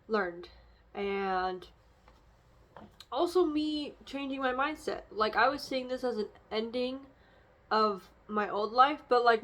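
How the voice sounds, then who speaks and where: A woman's voice: a little high, bright, forceful tone. A young woman casually talking through an oracle card reading and her feelings, rambling, with frequent fillers and restarts. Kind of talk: casual reflective vlog.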